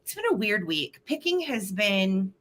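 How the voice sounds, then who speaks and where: Female host of a home live-sale stream; chatty and giggly, with a bright, sharp tone. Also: medium pitch, very animated, unhurried. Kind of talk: casual live-stream chat.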